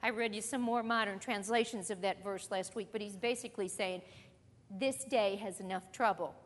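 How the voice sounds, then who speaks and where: A woman teaching a sermon in a conversational, emphatic way, slowing down on key phrases and drifting into chatty asides. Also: mid-range voice. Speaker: Bible teacher. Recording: long hall reverb.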